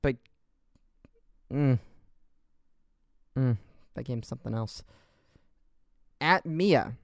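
A man's voice: medium pitch, drawn-out words, dry recording. A man hosting a laid-back gaming podcast, rambling through his stories with easy laughter. His voice sits in a middle register. The sound is close and dry, with almost no room in it. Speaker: podcast host. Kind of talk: casual gaming podcast chat.

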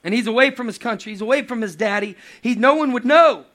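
A man preaching a lively sermon with playful asides and acted quotes. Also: extremely high pitch, quick pace. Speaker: pastor.

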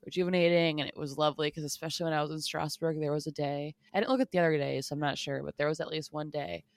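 A young woman co-hosts a casual podcast, her voice low and edged with fry. She rambles through her story with fillers and frequent laughter. The sound is dry and close. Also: fairly even intonation, racing, no room sound. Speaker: podcast co-host. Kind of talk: casual chat.

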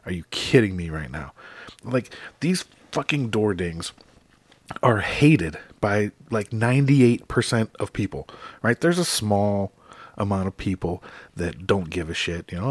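A middle-aged American man rants with exasperated, profane emphasis. His voice is low and husky, recorded dry and close with no room sound. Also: expressive, unhurried, no echo. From United States. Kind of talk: profane comedic rant to camera.

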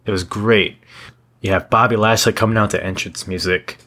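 A man's voice: fairly low pitch, fairly even intonation, normal speed, sharp tone. A young man co-hosting a podcast, ranting in blunt, profane casual chat, full of restarts. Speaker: podcast co-host.

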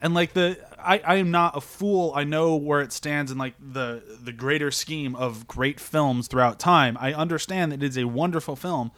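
Wry man with a slightly high voice. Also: steady tone, normal speed, hardly any pauses, fairly bright tone, dry recording. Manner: wry, complaining, laughs often. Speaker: podcast co-host. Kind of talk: casual film discussion.

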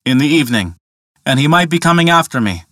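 A big, worn-down camel complains of his labors in a downtrodden way, read aloud by a man. The voice is bright and forceful and slightly high. The sound is dry and close. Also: lively intonation, fast talker, dry recording. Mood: woeful. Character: weary male camel, huge but cowed.

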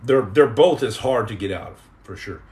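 A man hosting a casual live podcast, joking and teasing viewers in slangy talk that drops into low mutters. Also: lively intonation, normal speed, darkish tone. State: on house arrest. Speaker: podcast host reading live chat. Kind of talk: casual live-stream chat.

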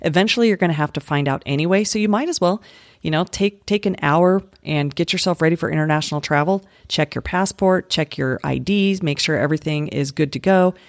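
A woman's voice: deep voice, a little fast, dry recording, clean studio sound. A woman co-hosting a travel podcast as a travel agent, giving friendly, upbeat advice in a casual chat.

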